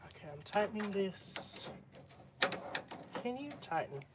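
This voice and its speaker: A man's voice: sits high, sing-song, unhurried, heavy background noise. A man chatting casually to live-stream viewers, muttering to himself as he works on a repair. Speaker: livestreamer. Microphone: phone.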